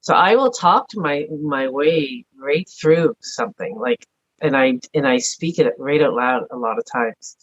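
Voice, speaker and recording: A middle-aged woman speaking earnestly and softly as a podcast guest, thinking aloud in a reflective personal conversation. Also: a bass voice, unhurried. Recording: dull lo-fi audio.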